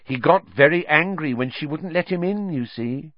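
A man's voice: fairly high pitch, animated, moderate pace, dry recording, voice pushed up, lightly acted. A man voicing a gleeful, mischievous male poltergeist who talks in an oily, falsely sympathetic way, on a dull lo-fi audiobook recording. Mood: gloating.

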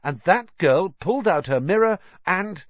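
A man's voice: high-pitched, moderate pace, dry recording, highs cut off, pitched above the performer's own voice. A man voicing an anxious, eager boy wizard of about twelve, piecing clues together urgently. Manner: urgent, excited working-out of clues.

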